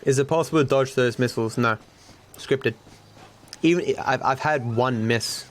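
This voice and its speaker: A man's voice: mid-range voice, moderate pace. An Australian man giving casual livestream gaming commentary, candid and self-deprecating, swearing freely. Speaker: streamer.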